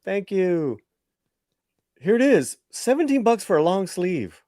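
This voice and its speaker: A man's voice: high voice, sing-song, slow pace, mellow, dry recording, studio quality. A man hosting a casual talk show, chatting enthusiastically and loosely. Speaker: podcast host.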